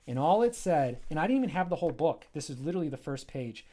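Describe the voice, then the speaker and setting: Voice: medium pitch, big pitch swings, fast, warm tone. A comic creator on a livestream, casually walking through their own graphic novel, enthusiastic and rambling.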